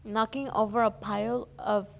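A woman's voice: mid-range voice, fairly even intonation, moderate pace, vocal fry. A young woman reading a children's picture book aloud as a volunteer, earnest, with small slips and restarts. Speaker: volunteer story reader.

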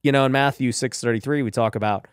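Man, podcast host, emphatic casual talk, medium pitch, dry close sound. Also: fairly even intonation, quick pace, smooth, no room sound. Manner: emphatic, frequent "you know" and "right?". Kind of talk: casual faith and business talk.

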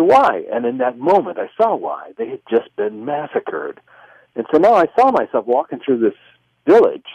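A male author and filmmaker, a guest on a radio interview, telling a personal story with lively delivery and acting out both sides of remembered conversations. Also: mid-range voice, gravelly, husky, no room sound. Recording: muffled, lo-fi radio phone-in line.

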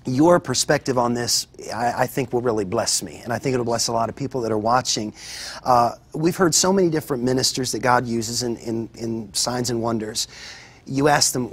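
A man's voice: mid-range voice, a little fast, slightly rough. A man hosting a TV interview, affirming his guest and asking long, careful questions. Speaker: TV interview host.

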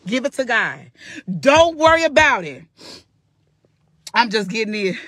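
A husky-voiced grandmother gives a fervent, preacherly testimony into her phone, laughing and crying at the same time. The sound is close and dry, with no room around her. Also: fairly high pitch, big pitch swings, measured pace, a bit bright, no room sound. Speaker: vlogger. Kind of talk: emotional testimony to followers.

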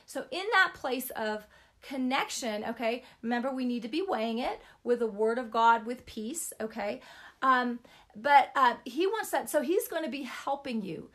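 High-voiced chatty woman teaching faith. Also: animated, moderate pace, a bit bright. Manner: chatty, emphatic, repeats words for stress. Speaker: Christian teacher. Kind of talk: informal spiritual teaching talk.

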